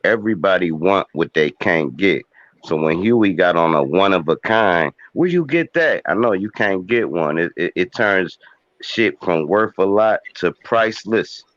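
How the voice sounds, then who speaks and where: Very deep-voiced man arguing emphatically. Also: animated, unhurried, fairly bright tone, no echo, muffled recording. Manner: emphatic, builds arguments with examples. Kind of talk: casual podcast chat.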